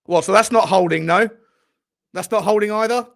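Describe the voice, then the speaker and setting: Guy yelling and swearing at the ref during a live game stream, pretty high voice. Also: normal speed, vocal fry. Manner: furious, swearing ranting. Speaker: football fan channel host. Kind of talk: live football watchalong commentary.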